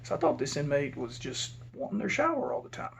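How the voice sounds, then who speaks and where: Gravelly man telling a prison story. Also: a little high, huge pitch swings, brisk, slight background noise. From Texas. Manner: rambling, self-correcting, plain-spoken. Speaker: former prison officer. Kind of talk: casual storytelling.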